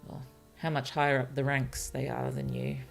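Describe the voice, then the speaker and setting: Low, gravelly woman musing aloud. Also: little pitch movement, normal speed, faint music behind. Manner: musing, hesitant, with frequent fillers and soft laughs. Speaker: virtual author streamer. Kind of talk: casual thinking-aloud livestream while writing.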